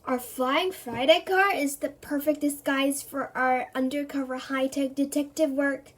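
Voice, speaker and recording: Woman reader for children's chapter book narration; high, slow, expressive delivery. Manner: first-person storybook narration, expressive. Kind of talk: reading a children's book aloud.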